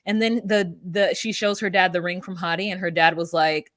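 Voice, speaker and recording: A woman's voice: mid-range voice, expressive, a little fast, bright, forceful tone, no echo, clean studio sound. A woman co-hosting a podcast, recapping a reality show in casual chat with blunt, sarcastic, freely swearing remarks. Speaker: podcast co-host.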